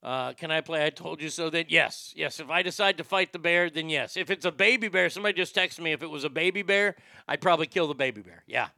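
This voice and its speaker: A man hosting a show, ranting in a profane, comedic way and swinging from shouting to muttering. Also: fairly high pitch, fast talker, vocal fry, dry recording, clean studio sound. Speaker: show host.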